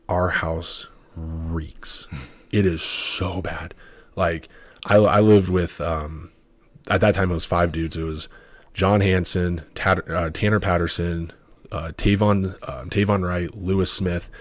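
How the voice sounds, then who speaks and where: A man's voice: low voice, dry recording. A young man in his twenties telling a rambling, self-correcting story as a podcast guest, acting out each person's lines. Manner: rambling, self-correcting, quotes others in dialogue. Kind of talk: casual storytelling.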